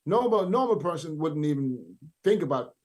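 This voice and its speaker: A man's voice: a little high, sing-song, normal speed, darkish tone. A man hosting a podcast, chatting bluntly and swearing now and then. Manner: blunt, profane. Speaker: podcast host. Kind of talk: casual chat.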